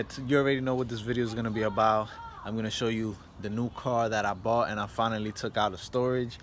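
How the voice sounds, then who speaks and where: A young man talks casually to his viewers and rambles with plenty of fillers. His voice sits at an ordinary middle pitch. The outdoor video is noisy with loud background sound. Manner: rambling, filler-heavy, keeps saying "and yeah". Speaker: car vlogger. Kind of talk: casual vlog talk. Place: outdoors at home, yard and car.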